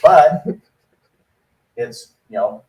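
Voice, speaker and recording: A man's voice: fairly high pitch, expressive, drawn-out words, distant mic, lo-fi sound. Man giving a sales training talk. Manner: conversational, acts out sample dialogues. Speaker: network marketing trainer.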